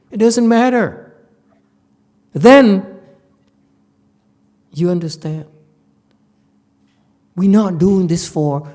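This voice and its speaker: A man with a somewhat high voice teaches a Buddhist Dharma lecture in a meditation hall. He talks informally and bluntly, scolding his listeners and hammering the same words again and again. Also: warm tone. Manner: blunt, scolding, repeats himself for emphasis.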